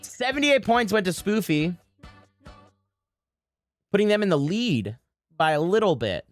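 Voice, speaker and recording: Woman, game stream host, casual chat, swoopy lively intonation, joking, faint music underneath. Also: mid-range voice, unhurried. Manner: animated, joking, swears freely. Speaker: livestream host running community games.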